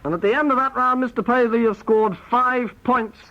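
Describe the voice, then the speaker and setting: A man with a Northern Irish accent playing a formal, brisk quizmaster in a comedy sketch. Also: very high voice, fairly even intonation. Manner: brisk, formal quiz-host delivery. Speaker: comic quizmaster. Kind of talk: comic sketch on tape. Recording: dull old cassette tape with hiss.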